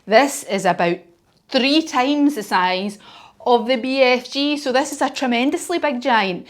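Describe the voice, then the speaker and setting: A woman's voice: sits high, measured pace. A woman leading a children's yoga class while telling a story, playful and encouraging. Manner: encouraging, playful, sing-song. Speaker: kids yoga teacher.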